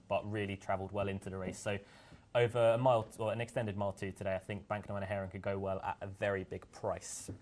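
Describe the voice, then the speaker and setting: A man giving his horse racing selections in casual chat, quick and full of fillers and restarts. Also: fairly low pitch. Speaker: racing tipster.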